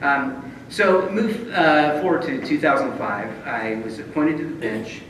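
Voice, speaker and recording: A man's voice: on the high side, lively intonation, unhurried, a bit bright. A middle-aged man, an honored judge, telling self-deprecating stories in a banquet speech, chuckling often and restarting his sentences. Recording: very echoey hall, distant mic, room noise.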